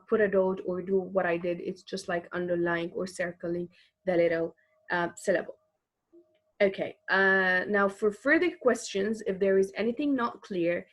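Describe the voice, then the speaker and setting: Her voice sits in the mid range as she leads a recorded online English class. She explains with patience at a slow pace, saying each example twice and leaning on lots of fillers.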